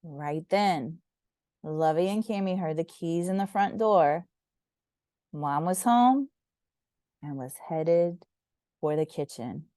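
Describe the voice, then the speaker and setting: A woman reading a children's storybook aloud with gentle, expressive narration. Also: on the low side, slow, pauses often, dry recording, studio quality. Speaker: storybook reader.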